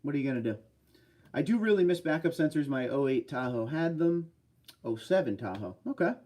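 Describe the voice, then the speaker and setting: A man's voice: a little high, animated, a little fast, mellow. Chatty man hosting a livestream. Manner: chatty, reads comments aloud and answers them. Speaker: livestream host. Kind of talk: casual livestream chat reading viewer comments. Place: home desk in a racing chair.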